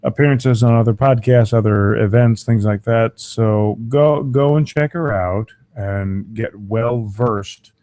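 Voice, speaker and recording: A man hosting a crude comedy podcast, swearing and mocking the news, his voice strained. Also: on the low side. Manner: profane, mocking, animated. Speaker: podcast host.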